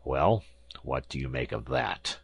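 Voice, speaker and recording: A man's voice: extremely low pitch, sing-song, unhurried, gravelly, husky, no echo, pitched below the performer's own voice, full character voice. A man voicing an arrogant, bombastic older professor who lectures with scorn. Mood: smug.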